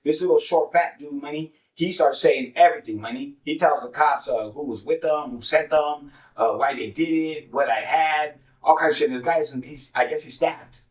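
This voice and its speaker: A man's voice: fairly high pitch, normal speed, hardly any pauses, echoey room, recorded from a distance, poor audio. A man casually telling a street story as host, cursing freely and dropping streetwise slang. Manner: profane, streetwise slang, repeats "money" as a filler.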